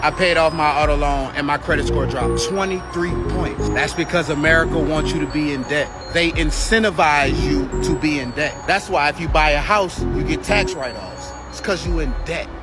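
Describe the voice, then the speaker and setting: Blunt man over loud music. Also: a little high, normal speed, few pauses. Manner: blunt, cynical. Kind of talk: casual vlog rant.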